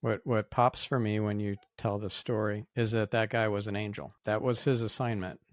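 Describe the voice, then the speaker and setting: A man hosts a podcast in a low, smooth, resonant voice. He answers his guest in a reflective, measured way. The recording is close and dry. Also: steady tone, no echo. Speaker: podcast host. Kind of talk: interview conversation.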